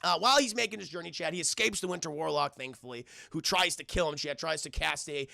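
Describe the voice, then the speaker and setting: Gravelly, excitable young male streamer. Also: fairly high pitch, fast talker, no echo, studio quality. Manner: profane, excitable, keeps addressing chat. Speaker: streamer reviewing a film. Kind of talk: casual livestream commentary.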